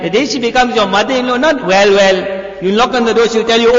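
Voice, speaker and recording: A man giving a youth sermon as a molana, telling the story with animated asides and acted-out voices. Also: very high-pitched, a little fast. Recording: echoey hall, dull lo-fi audio.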